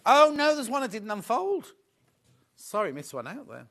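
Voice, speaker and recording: A man's voice: sits high, huge pitch swings, moderate pace, vocal fry, a bit bright. A man presenting a live home shopping show in a TV studio, chatting and gushing over the products.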